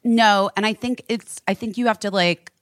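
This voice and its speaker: A woman's voice: medium pitch, fairly even intonation, normal speed, no echo, studio quality. A woman co-hosting a podcast, talking earnestly and candidly in casual chat, swearing now and then. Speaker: podcast co-host.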